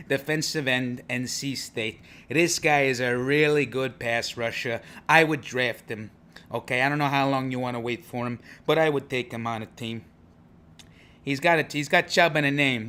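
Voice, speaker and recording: A man with a bright, forceful edge to his voice hosts a comedic sports podcast. He talks in brash, rambling wise-guy banter at an ordinary middle pitch, tagging his points with "okay?". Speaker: podcast host.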